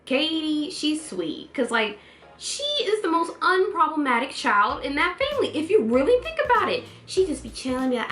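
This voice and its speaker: A woman vlogger in casual chatty review mode, animated and putting on playful voices to act out quotes. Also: high-pitched, normal speed, roomy sound.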